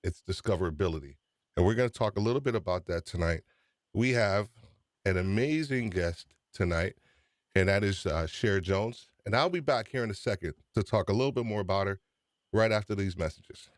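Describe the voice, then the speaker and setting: Man, podcast host, very low voice, dry recording, upbeat, chatty, repeats phrases. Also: fairly quick, dry recording. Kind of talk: live-stream podcast hosting.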